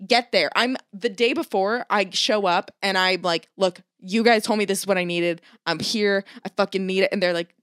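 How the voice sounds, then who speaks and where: A woman's voice: mid-range voice, moderate pace, hardly any pauses, a bit bright, clear, resonant tone, dry recording. Woman swearing nonstop telling a wild story, doing everyone's voices, dry close mic. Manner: swears constantly, acts out quoted voices. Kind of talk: casual chat, animated storytelling.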